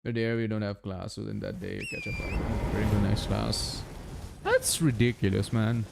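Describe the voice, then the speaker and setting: A young man in his twenties chats casually with his stream viewers while gaming, swearing freely and laughing often. His voice sits at a middling pitch but swings widely, with a gravelly rasp at the edges. A steady noisy hiss sits under the recording. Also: moderate pace.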